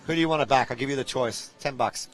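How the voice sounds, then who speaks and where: Man, pool commentator, excitable, jokey live commentary. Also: medium pitch, fast, poor audio.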